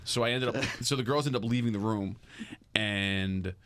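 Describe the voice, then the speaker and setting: A young man telling a crude story in a loud, fast, brash way as a podcast co-host. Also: fairly low pitch. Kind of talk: casual storytelling chat.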